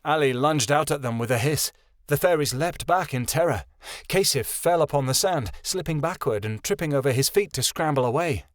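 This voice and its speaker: A man's voice: on the high side, expressive, moderate pace, no echo, clean studio sound. Man narrating a fantasy audiobook. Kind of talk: scripted narration.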